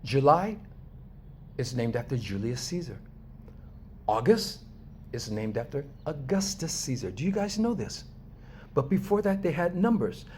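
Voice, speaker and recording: An American man from Los Angeles speaking in a casual, animated monologue to his viewers, emphatic and chuckling often. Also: mid-range voice, measured pace, long pauses, a little hiss or hum. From Los Angeles, USA. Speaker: vlogger.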